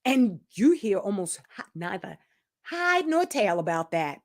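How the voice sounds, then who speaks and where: A woman with a fairly high voice talks straight to her viewers in a loose, rambling monologue. She is blunt and emphatic, and now and then she laughs out loud. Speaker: channel host.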